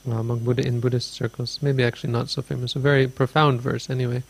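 Man, Buddhist teacher, gravelly voice, meandering thoughtful dharma talk. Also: mid-range voice, level tone, quick pace. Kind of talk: dharma talk answering a question.

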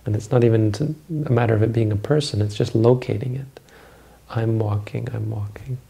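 A man teaching meditation, answering questions in a calm, measured, explanatory way. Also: medium pitch, creaky, breathy edge.

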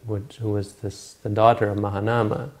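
A man's voice: fairly low pitch, flat delivery, moderate pace, darkish tone. A man retelling a Buddhist scripture story in a talk, informal and searching aloud for words and names.

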